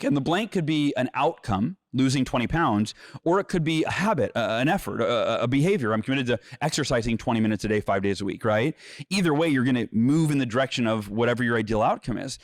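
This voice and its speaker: Energetic and sincere, this middle-aged author talks as a guest in a conversational, teaching interview, dropping into little acted-out voices and quotes to make points and repeating words as he restarts. He speaks briskly at a middle pitch, recorded dry and close in a studio with no surrounding room.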